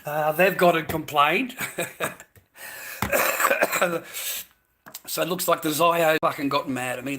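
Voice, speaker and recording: Angry Australian man ranting, bright voice. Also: high-pitched. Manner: angry, profane, repetitive ranting. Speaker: live streamer. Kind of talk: ranting live stream monologue.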